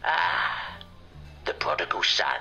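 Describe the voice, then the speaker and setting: An actor playing a smug, patronizing older football power broker who talks over a phone speaker. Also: male voice, takes it slowly, pushed and bright, soft background music, rough recording. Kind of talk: comedic audio drama acting.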